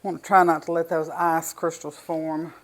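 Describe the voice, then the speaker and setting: A woman's voice: low voice, flat delivery, moderate pace, poor audio. An older woman with a Southern US accent, chatting folksily and enthusiastically while demonstrating home cooking in her kitchen.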